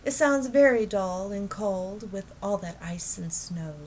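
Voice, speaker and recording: Woman doing a brisk fretful housewife, a little sharp, storybook reading. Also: medium pitch, lively intonation, slight background noise, pitched above the performer's own voice, lightly acted. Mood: doubtful. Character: practical, fretful middle-aged housewife. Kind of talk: children's book read aloud.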